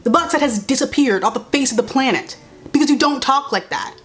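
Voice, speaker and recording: A woman's voice: sits high, fast, fairly bright tone. A young woman vlogging casual commentary while doing her makeup, blunt, sarcastic and exasperated.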